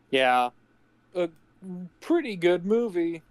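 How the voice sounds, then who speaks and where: A man's voice: high-pitched, very animated, very slow, no echo. A man co-hosting a casual movie podcast, adding dry sarcastic quips. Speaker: podcast co-host.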